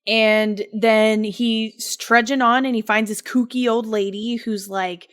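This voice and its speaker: A woman's voice: a little high, steady tone, slow pace, smooth. A woman co-hosting a podcast, loosely recapping a story in casual chat, giggling often and leaning on fillers. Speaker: podcast co-host.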